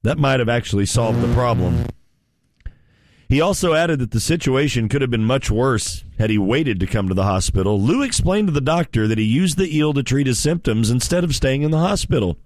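A man's voice: medium pitch, fairly quick, no echo. Guy cohosting sports radio, goofy and jokey, voice all over the place, dry studio sound. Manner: jokey, animated, does silly voices. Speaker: radio show co-host. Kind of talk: irreverent comedic chat.

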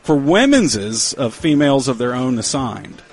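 A man hosts a casual radio talk show in a middle-pitched voice, joking and teasing his co-hosts. Faint music plays underneath the conversation. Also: big pitch swings, normal speed. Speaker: radio host.

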